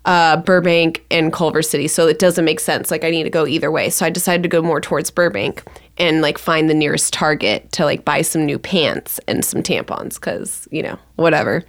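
A woman spins a funny personal story in a loose, chatty way, dropping "like" into almost every sentence. She talks in quick bursts and her pitch jumps around as she gets worked up. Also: fairly even intonation. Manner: chatty, peppered with "like", laughs between lines. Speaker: actress telling a personal story.

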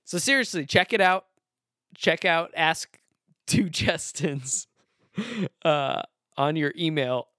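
A man's voice: a little high, takes it slowly, pauses often, pushed and bright, dry recording, studio quality. A man co-hosting a casual podcast, playful and jokey, often laughing as he talks. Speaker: podcast co-host.

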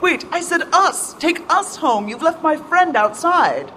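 A bossy sarcastic mind reader. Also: female voice, extremely high pitch, big pitch swings, a little slow, background noise, exaggerated voice. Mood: commanding. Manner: dry, commanding, sarcastic. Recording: music underneath.

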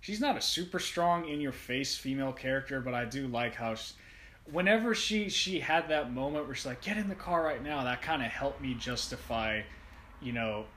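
A man co-hosting a podcast, reviewing a movie in casual, profane, animated chat. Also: mid-range voice, normal speed. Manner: profane, animated, laughing rants. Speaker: podcast co-host. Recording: echoey room with faint noise.

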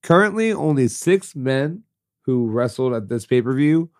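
A man's voice: mid-range voice, lively intonation, measured pace, darkish tone. A stuffed-up man co-hosting a podcast, chatting casually and teasing his co-host. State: congested. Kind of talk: casual chat.

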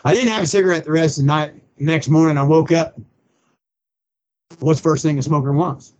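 A man's voice: on the high side, brisk, darkish tone, poor audio. A man, a pastor, telling his recovery testimony in a blunt, colloquial way and acting out the people he quotes. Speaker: pastor and podcast guest. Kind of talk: personal testimony in conversation.

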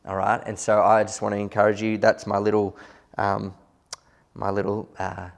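A man preaching a sermon in an earnest, conversational way, slowing down to stress key words. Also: on the low side, monotone, creaky. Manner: loose and conversational, with small asides.

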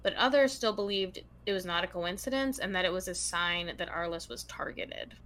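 A woman's voice: on the low side, animated, normal speed, fairly bright tone. A woman hosting a true crime podcast, telling the story and reading long passages aloud with chatty asides to her co-host.

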